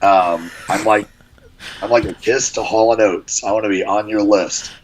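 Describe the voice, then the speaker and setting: A man's voice: on the low side, fairly even intonation, moderate pace, a little hiss or hum, poor audio. A man telling a rambling anecdote in casual chat, with lots of fillers and restarts. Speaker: guest. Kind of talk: casual storytelling.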